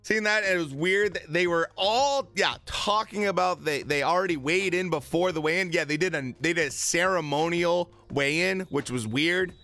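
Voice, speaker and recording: A man's voice: high voice, moderate pace, hardly any pauses, pushed and bright, soft background music. A man chatting casually on a live stream about boxing, with many fillers and retold quotes.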